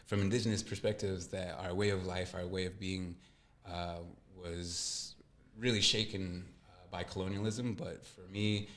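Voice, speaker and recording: A man's voice: low voice, echoey room, a little hiss or hum. A young man, a guest in a casual interview, telling his story earnestly and reflectively. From California.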